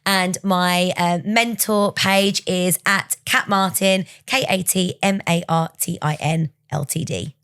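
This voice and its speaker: A woman's voice: on the low side, fairly even intonation, slow pace, hardly any pauses, fairly bright tone, clear, resonant tone. Chatty, frank woman guest. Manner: chatty, frank, swears casually. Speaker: podcast guest, business mentor. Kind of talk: casual chat.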